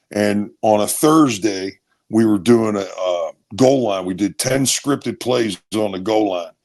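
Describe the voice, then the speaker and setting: A man in his sixties from Maryland, a former football player telling lively, punchy anecdotes as a guest. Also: fairly low pitch. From Maryland, USA. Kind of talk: animated storytelling.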